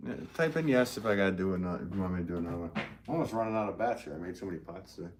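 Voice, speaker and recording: A man with a very deep voice chats loosely to his live-stream audience as he throws pots in his studio. He rambles and asks viewers questions, with a faint hum of room noise behind him. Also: animated, racing. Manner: rambling and chatty, talks to viewers directly. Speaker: potter hosting a live stream. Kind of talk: casual live-stream chat while working at the wheel. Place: pottery studio at the wheel.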